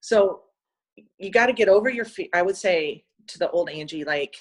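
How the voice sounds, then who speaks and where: Emotional woman almost crying, husky voice, lots of um and like, talking from the heart. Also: lowish voice, animated, moderate pace. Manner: heartfelt, near tears, many fillers. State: close to crying. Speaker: interview guest. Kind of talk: emotional personal interview.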